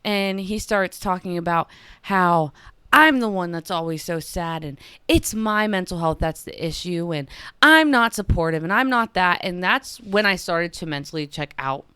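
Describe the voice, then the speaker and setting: A woman's voice: lowish voice, animated, normal speed, pushed and bright, smooth, no echo. A young woman hosting a podcast, telling a personal story in a casual confessional way, full of "like" fillers. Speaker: podcast host.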